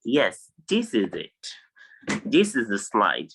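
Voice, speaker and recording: A man's voice: fairly low pitch, huge pitch swings, takes it slowly, creaky, a bit bright, a little hiss or hum, low-quality recording. A man teaching an online class, reading out word lists and stressing and repeating each pronunciation. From Nigeria. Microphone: video call.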